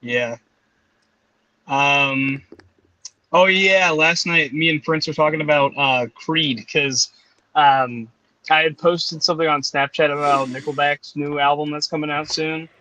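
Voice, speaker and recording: A man's voice: on the high side, steady tone, unhurried, bright, forceful tone, no echo, poor audio. A young man calling in from a campsite, chatting easily, swearing casually and laughing at his own jokes. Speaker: guest on a call. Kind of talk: casual chat. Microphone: online call.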